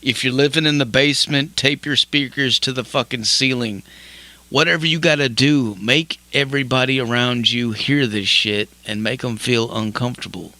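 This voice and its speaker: A man's voice: mid-range voice, steady tone, normal speed, pushed and bright, dry recording. A man hosting a metal radio show, talking in a laid-back, laughing way and swearing freely. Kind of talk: casual radio interview chat.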